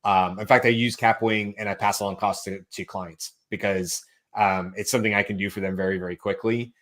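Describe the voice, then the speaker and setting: A man's voice: fairly low pitch, steady tone, fairly quick, fairly bright tone. A man from the United States hosting a casual panel chat, talking loosely with many fillers and restarts. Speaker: podcast host.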